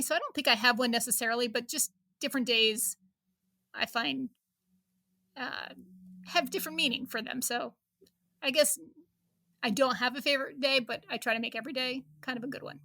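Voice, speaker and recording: Gravelly, bright-toned woman in her fifties. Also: sits high, steady tone, fairly quick, no echo, studio quality. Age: 50s. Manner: chatty, laughs often, many restarts and fillers. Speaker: guest, TV news reporter. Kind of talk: casual interview chat.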